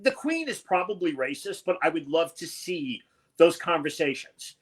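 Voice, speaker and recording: A man doing a loud, brash and profane stand-up set over a video call. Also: fairly high pitch, very animated, normal speed, husky. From Connecticut. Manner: loud, brash and profane, with sudden shouted bursts. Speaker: stand-up comedian.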